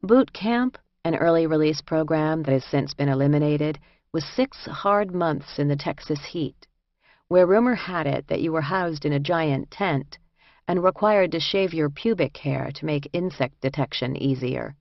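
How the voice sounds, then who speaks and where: A woman narrating a first-person audiobook in an even, measured reading. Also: deep voice, dry recording, highs cut off.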